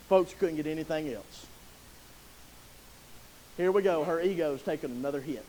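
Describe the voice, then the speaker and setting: Folksy preacher, high voice. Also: male voice, moderate pace, pauses often, low-quality recording. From Southern US. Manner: folksy, conversational preaching that rises to loud emotional pleading. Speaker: pastor. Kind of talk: sermon. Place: church sanctuary.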